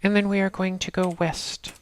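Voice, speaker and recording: A woman narrating a game walkthrough in a steady, instructional way, talking the player through each step. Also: medium pitch, normal speed. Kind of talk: casual let's-play walkthrough narration.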